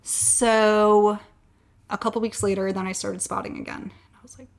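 Woman with a gravelly voice telling a personal story. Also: medium pitch, flat delivery, moderate pace. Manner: candid, emotional, getting choked up at times. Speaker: guest sharing her fertility story.

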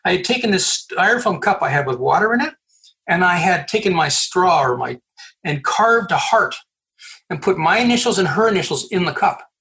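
A middle-aged man from Canada, a guest in an interview, telling a story in an animated way, laughing and acting out the voices he quotes. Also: high voice, normal speed, low-quality recording. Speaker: guest, recruiter. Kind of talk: storytelling in a conversation.

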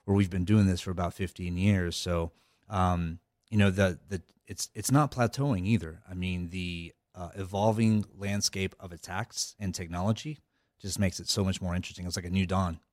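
A man's voice: sits low, steady tone, moderate pace, a little mellow, no room sound, studio quality. A man talking as a guest on a podcast interview, rambling with many fillers and restarts. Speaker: cybersecurity guest. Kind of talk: casual interview talk.

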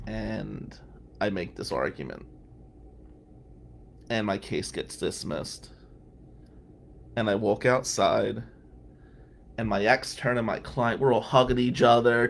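A man shares a personal story in a candid, wry way, breaking into short laughs between lines. His voice has a gravelly, rough texture and an average pitch. A faint background hiss sits under the recording. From New Jersey. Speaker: podcast host and lawyer.

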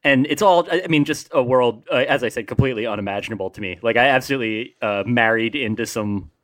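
A man's voice: mid-range voice, fast, a bit bright, no echo. A middle-aged man from New Jersey co-hosting a podcast, rambling with lots of "like" and self-deprecating humor. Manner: rambling, self-deprecating, many filler likes. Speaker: podcast co-host. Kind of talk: casual chat.

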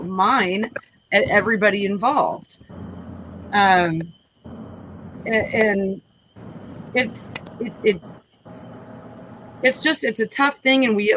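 A woman's voice: mid-range voice, fairly bright tone, slight background noise, low-quality recording. A woman in her forties speaking candidly in a casual panel discussion, rambling with frequent restarts. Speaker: panel guest.

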